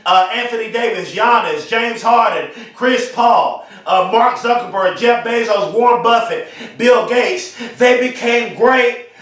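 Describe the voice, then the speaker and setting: High-voiced man preaching motivation in a big echo. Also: a little slow. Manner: emphatic, repetitive, shouting slogans. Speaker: motivational speaker. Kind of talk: motivational speech. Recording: very echoey, from far off the mic.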